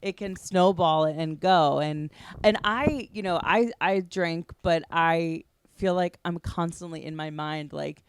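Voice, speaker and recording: A woman in her thirties hosting a podcast in casual chat, excitable and rambling with lots of fillers. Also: fairly low pitch, a little slow, clean tone, no room sound. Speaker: podcast host.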